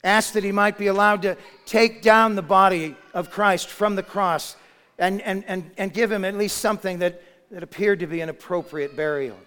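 High-voiced preacher in a reverberant hall. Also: male voice, steady tone, normal speed, clear, resonant tone. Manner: dramatic retelling with shifts between hushed and shouted lines. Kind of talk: sermon storytelling.

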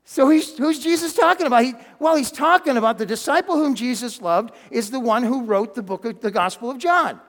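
Animated high-voiced male preacher. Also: a little fast, few pauses, big-room sound. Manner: animated, swinging from loud exclamations to hushed quiet lines. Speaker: pastor. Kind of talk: sermon.

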